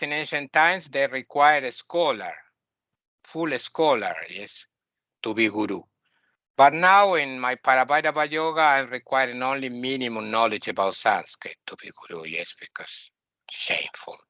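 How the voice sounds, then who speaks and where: Man, blunt opinionated lecture, bright tense voice, dry dull recording. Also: mid-range voice, no room sound. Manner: blunt, opinionated, repeats himself. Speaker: spiritual teacher. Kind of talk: spoken lecture.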